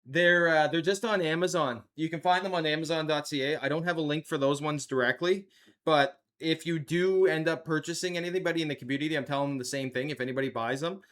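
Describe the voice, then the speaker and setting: A man's voice: a little high, fairly even intonation, fast, fairly bright tone. A man hosting a live stream, chatting casually with his viewers and laughing often at a desk microphone. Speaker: livestream host.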